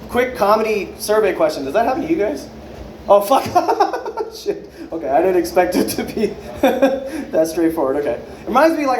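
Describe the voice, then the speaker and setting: Rambling sweary stand-up guy, kinda high voice, echoey club. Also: a little mellow, a little hiss or hum. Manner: loose, rambling, swears a lot, acts out people's lines. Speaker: stand-up comedian. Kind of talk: unrehearsed stand-up set. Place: comedy club stage with a live audience. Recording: echoey club room with crowd. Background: audience laughter.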